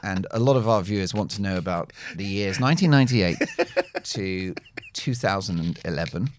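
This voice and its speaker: A man's voice: deep voice, lively intonation, normal speed, a little hiss or hum. A man commenting as a talk show guest, wry and playful with self-mocking jokes. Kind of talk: opinionated talk show chat.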